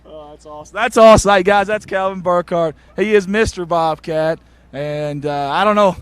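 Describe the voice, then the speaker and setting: A man, reporting from the sideline of a football field after a game and interviewing people with eager, warm praise. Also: sits high, normal speed, clean tone, no echo. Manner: excited, warm toward players, repeats "I'm gonna tell you something".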